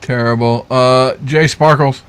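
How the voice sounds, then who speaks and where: A man's voice: medium pitch, steady tone, a bit bright. A man hosting a casual live podcast trivia game, joking and laughing as he goes. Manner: joking, laughing, drawn-out delivery. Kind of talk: casual live-stream banter.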